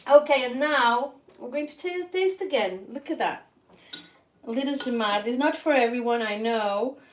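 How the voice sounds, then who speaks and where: Speaking at a normal pace in a voice on the high side, this cooking channel host streams live from her home kitchen. The rough recording carries some hiss or hum. Her first language is Portuguese, and though she feels weak and sick, she chats, laughs a lot, and addresses viewers directly.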